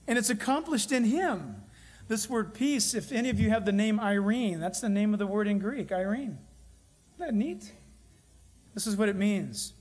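Higher-voiced man preaching a sermon. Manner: earnest, storytelling preacher with emphatic slowed phrases. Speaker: pastor.

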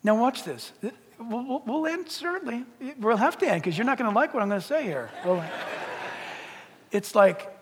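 A man preaching a sermon as pastor, animated, acting out little dialogues and rising to shouts. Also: very high-pitched, normal speed, a little hiss or hum. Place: church sanctuary. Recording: long reverb of a church hall.

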